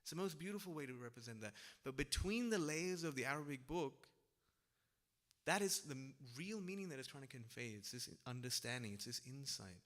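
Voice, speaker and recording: A man's voice: mid-range voice, a little fast, a bit bright. A young man on a religious discussion panel, speaking casually and reflectively, often checking in with "right?". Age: young adult. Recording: long hall reverb.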